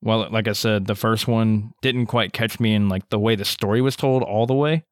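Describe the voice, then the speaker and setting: A man co-hosts a podcast in casual conversation, hesitating and often repeating words. His voice is fairly low with fairly even intonation at a normal speed, recorded in clean studio sound with no room noise.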